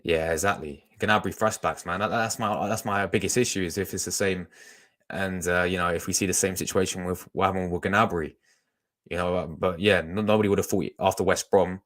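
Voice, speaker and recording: A man's voice: low-pitched, steady tone, brisk, a bit bright. A young man, chatting casually to his live-stream audience as a fan channel host, rambling with lots of restarts. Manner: rambling, chatty, talks to chat, restarts a lot.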